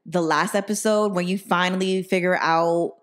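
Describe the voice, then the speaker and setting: A young woman with a slightly low voice chats casually as a podcast host. She tells stories bluntly, swears freely and leans on "like" as she goes. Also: steady tone, moderate pace. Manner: profane, blunt storytelling with lots of "like". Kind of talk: casual chat.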